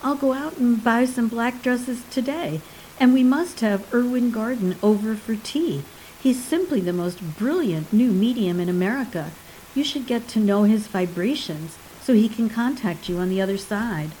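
A woman's voice: moderate pace, dark tone, slight background noise, close to an everyday voice, low-quality recording. A woman reading a story, voicing a flighty, prattling middle-aged wife in a lifted, gushing voice. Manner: gushing, raised pitch.

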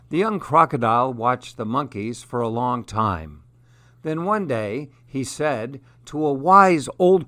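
A man reading a children's story aloud in a measured, unhurried way. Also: mid-range voice, fairly bright tone.

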